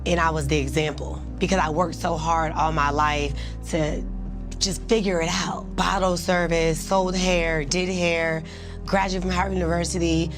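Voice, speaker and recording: A woman's voice: on the low side, little pitch movement, moderate pace, music in the background. A woman entrepreneur giving an emphatic, repetitive motivational testimony.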